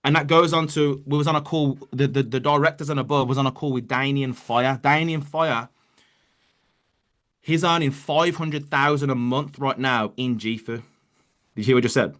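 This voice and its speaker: A man's voice: mid-range voice, steady tone, moderate pace, a bit bright. A man leading a motivational call about network marketing, talking casually with lots of restarts and "bro" and "man.". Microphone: online call.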